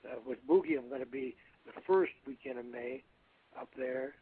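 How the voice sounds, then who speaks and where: Older man, husky, over a phone line. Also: medium pitch. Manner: rambling, halting, calls hosts "brother". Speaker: guest, retired wrestler. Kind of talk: phone-in radio interview.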